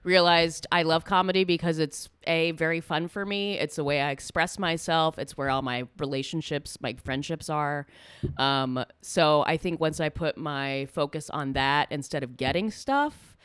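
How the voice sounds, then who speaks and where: A woman's voice: low-pitched, moderate pace, fairly bright tone, clean tone, no room sound. A woman comedian from the American South, a guest on a podcast, chatting casually with a dry, easy laugh. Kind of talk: casual chat.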